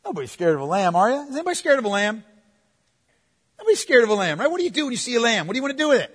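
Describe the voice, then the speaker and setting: A man preaching a sermon, moving between forceful proclamation and hushed, playful asides to the congregation. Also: extremely high pitch, very animated, rapid-fire, slightly rough, in a large hall. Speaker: pastor.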